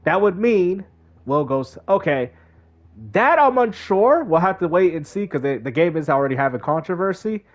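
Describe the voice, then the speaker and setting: A man's voice: high voice, moderate pace. A man streaming a game, chatting casually with his chat and using slang. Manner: animated, talks to chat in slang. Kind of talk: casual live-stream commentary.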